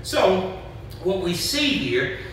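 A man preaching a sermon as pastor, moving from conversational talk to passionate shouting and asking the congregation questions. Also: high voice, slow pace, a little hiss or hum. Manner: animated, rhetorical questions to congregation. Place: church sanctuary. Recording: echoey church hall from far off.

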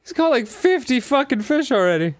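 A man's voice: very high voice, sing-song, brisk, no room sound. A young man giving casual gameplay commentary with dry, amused asides. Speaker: show co-host.

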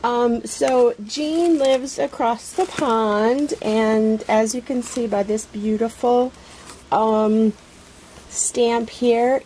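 A woman unboxing a package on her craft vlog, gushing with excitement and many fillers. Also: fairly high pitch, a little hiss or hum, poor audio. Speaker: craft vlogger.

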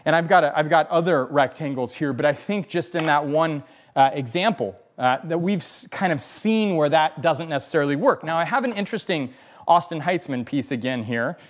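A man leads a hands-on bonsai display lesson in an animated, conversational way. He repeats himself for emphasis and keeps asking his viewers "right?" His voice sits slightly high for a man. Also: moderate pace. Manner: animated, repeats phrases, checks in with "okay?" and "right?". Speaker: bonsai instructor. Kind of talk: hands-on demonstration talk.

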